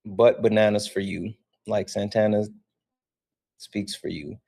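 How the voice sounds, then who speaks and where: Animated young man chatting on a livestream. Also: on the low side, measured pace, creaky. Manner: animated, swears casually, talks straight to chat. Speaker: livestream host. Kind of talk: casual livestream chat reading donations.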